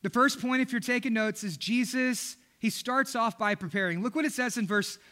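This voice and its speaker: A man preaching a sermon as pastor, with energetic, repetitive emphatic delivery. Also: extremely high pitch, moderate pace.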